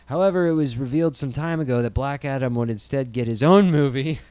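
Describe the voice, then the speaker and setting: Man, co-host, casual banter, sarcastic, swears a lot, smooth voice, dry sound. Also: medium pitch, a little fast, a little mellow, dry recording. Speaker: co-host of a movie news show.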